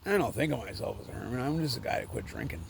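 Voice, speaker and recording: A man's voice: on the low side, lively intonation, rapid-fire, gravelly, a little hiss or hum. A man of forty rambling and swearing through an emotional confessional monologue at home, with lots of fillers. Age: 40s. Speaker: vlogger. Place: at home, indoors.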